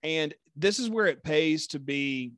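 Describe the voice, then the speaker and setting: A man co-hosting a podcast in casual chat, playful and excitable with jokey asides. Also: on the high side, measured pace, clean tone, dry recording, studio quality. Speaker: podcast co-host.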